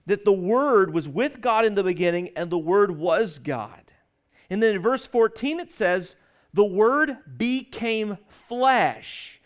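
High-voiced emphatic man preaching. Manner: emphatic, slows down to stress scripture, asks the congregation to repeat. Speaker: pastor. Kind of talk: sermon.

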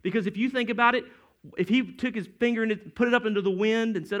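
A man's voice: high voice, steady tone, fast talker, a bit bright. A middle-aged man preaching a sermon as pastor, in a conversational, storytelling way that acts out quotes.

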